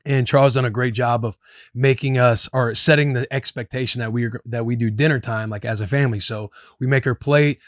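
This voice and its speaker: A man in his thirties talks casually on a podcast, sharing advice in a loose, rambling way. He speaks at an ordinary pitch into a studio mic, and the sound is dry and close. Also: steady tone, brisk, dry recording. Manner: loose and chatty, calls himself "your boy", speaks to listeners as "boys". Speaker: podcast host.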